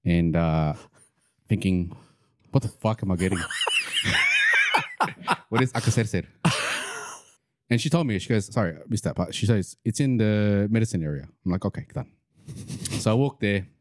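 A man's voice: on the low side, moderate pace, long pauses, no echo, studio quality. A young adult man, telling a story in casual podcast chat, swearing freely and acting out the voices of people in it. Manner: animated, acts out quoted voices.

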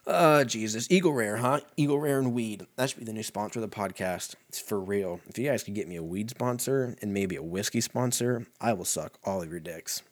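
Male podcast host, slightly low voice, swears a lot, rambles and jokes at his own expense, a bit tipsy. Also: a little fast, hardly any pauses, no room sound. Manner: profane, rambling, self-mocking. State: tipsy from whiskey. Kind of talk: casual podcast chat reading a comment aloud.

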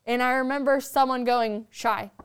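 A woman telling a story as a podcast guest, animated and chatty, swearing freely. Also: a little high, a little slow, smooth. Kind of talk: casual storytelling.

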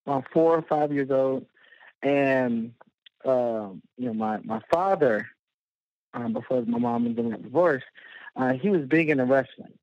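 A man's voice: mid-range voice, a little slow, no echo. A man telling a long, rambling personal story as a guest, full of fillers and laughing at himself. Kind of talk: casual storytelling. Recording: dull lo-fi dry sound.

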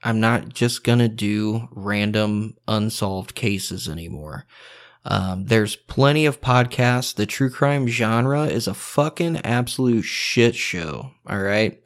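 A man hosting a podcast, talking bluntly in a heated, profane, unscripted rant. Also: fairly low pitch. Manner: heated, blunt and swearing constantly. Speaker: podcast host.

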